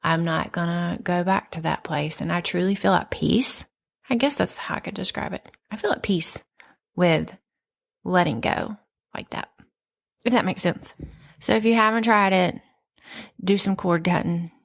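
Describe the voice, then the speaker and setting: A woman in her thirties hosting a podcast, telling stories in a candid, profane, animated casual chat. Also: lowish voice, normal speed, creaky, long pauses. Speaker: podcast host.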